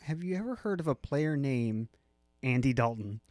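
Playful, teasing man with a lively voice. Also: mid-range voice, moderate pace, no echo. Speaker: podcast co-host. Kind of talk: casual sports chat.

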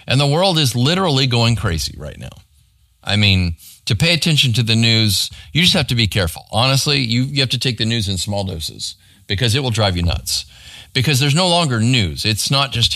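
Bright-voiced pastor teaching a Bible class. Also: male voice, medium pitch, sing-song, normal speed. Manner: conversational, checks in with the class with "right?".

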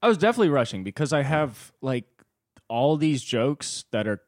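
A man co-hosting a casual comedy podcast, telling stories with lively, jumpy delivery. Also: no echo, clean studio sound. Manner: lively, animated storytelling with quick jumps in pitch. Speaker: podcast co-host, stand-up comic. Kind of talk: casual chat.

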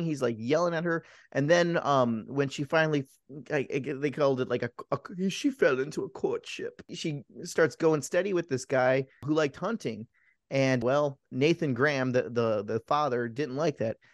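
A man in casual talk about a movie, swearing often and acting out scenes in quick put-on voices. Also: mid-range voice, no room sound, clean studio sound. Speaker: podcast co-host.

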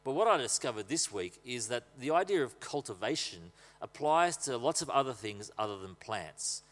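A man's voice: mid-range voice, big pitch swings, moderate pace, a bit bright. A man preaching a sermon in a conversational, humorous way with asides to the congregation. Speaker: pastor. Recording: long hall reverb.

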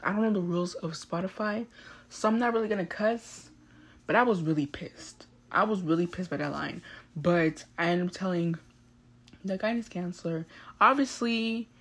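A teenage girl hosting a podcast, telling a story in a chatty, animated way full of fillers. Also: lowish voice. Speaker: podcast host. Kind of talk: casual storytelling.

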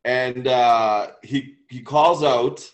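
A man's voice: medium pitch, fairly even intonation, extremely slow, poor audio. A man from Canada, a podcast co-host, telling a rambling anecdote in casual chat and leaning heavily on "like". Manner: rambling anecdotal storytelling, lots of "like".

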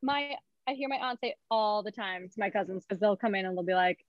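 A woman's voice: mid-range voice, brisk, no room sound, muffled recording. A woman chatting casually with friends on a podcast, making dry, laid-back remarks. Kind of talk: casual chat.

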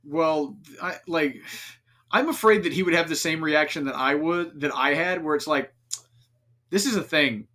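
A man's voice: a little high, moderate pace, pushed and bright. Guy hosting a podcast, rambly, lots of likes and ums, just chatting. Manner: rambling, filler-heavy, self-interrupting. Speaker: podcast host. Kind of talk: casual podcast chat.

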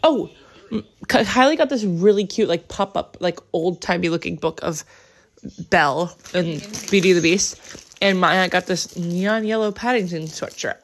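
A woman's voice: on the low side, moderate pace. A woman chatting casually about her day for a travel vlog in a hotel room, rambling with lots of "like". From United States. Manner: chatty, rambling, many "like" fillers.

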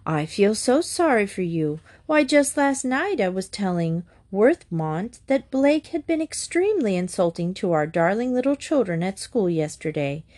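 A woman's voice: mid-range voice, very animated, normal speed, few pauses, darkish tone, lightly acted. A woman voicing a fussy, gossipy mother who clucks and talks primly. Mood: clucking. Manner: clucking, prim.

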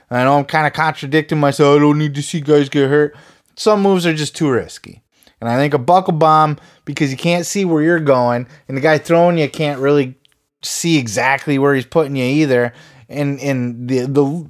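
A man hosting a podcast, ranting heatedly with lots of swearing and sarcastic put-downs of his listeners. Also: on the high side. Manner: profane, heated, sarcastic mocking. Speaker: podcast host.

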